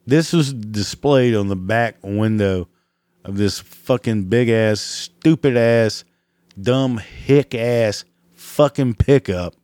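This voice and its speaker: Man, crude exasperated ranter, slow drawl, dry sound, cracking voice. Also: on the low side, darkish tone, dry recording. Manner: crude, exasperated, laughs at his own jokes. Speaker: comedic ranter. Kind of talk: profane comedic rant.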